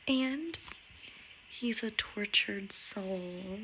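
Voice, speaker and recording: A woman giving a hushed, giddy book update from a dark room, often dropping into a whisper. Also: medium pitch, drawn-out words, long pauses, noisy background. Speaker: book vlogger. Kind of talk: casual chat.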